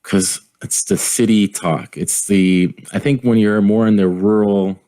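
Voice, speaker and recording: A man from Canada co-hosting a casual podcast, easygoing and quick to laugh. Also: on the low side, fairly even intonation, dark tone. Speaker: podcast co-host. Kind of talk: casual chat.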